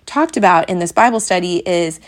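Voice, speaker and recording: Chatty young mom with a lowish voice. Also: female voice, fairly quick. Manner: chatty, frank, acts out quotes in a bright higher voice. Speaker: parenting podcast host. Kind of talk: casual chat.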